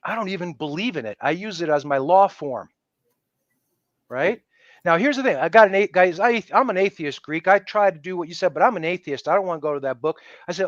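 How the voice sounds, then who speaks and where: A podcast guest with a high-pitched voice talks fairly quickly in a relaxed interview, animated and emphatic, mimicking the people he quotes. The recording is dry, a bit dull and lo-fi, with no echo.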